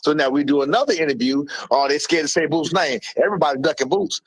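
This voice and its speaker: Heated middle-aged man, high voice. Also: fast, slightly rough, dry recording. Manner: blunt, profane, emphatic and repetitive. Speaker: boxer's father and trainer. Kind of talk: heated interview talk.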